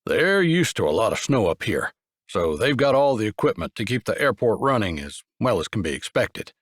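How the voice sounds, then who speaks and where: A male narrator voicing a steady, exasperated older brother in an audiobook, with a dry, lowered delivery. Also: moderate pace, no room sound. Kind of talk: audiobook character voice.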